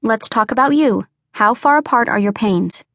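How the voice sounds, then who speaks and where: Woman narrator as a calm, firm young midwife. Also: a little high, moderate pace, dry recording, clean studio sound. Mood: steady. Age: 20s. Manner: firm, level and practical. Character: calm, steady midwife in her twenties. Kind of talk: audiobook character voice.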